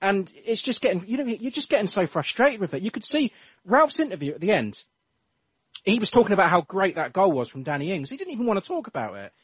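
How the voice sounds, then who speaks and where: A man's voice: high-pitched, big pitch swings, fast, husky, no echo. A man co-hosting a casual football podcast, ranting in exasperation and swearing often. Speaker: podcast co-host. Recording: dull lo-fi podcast audio.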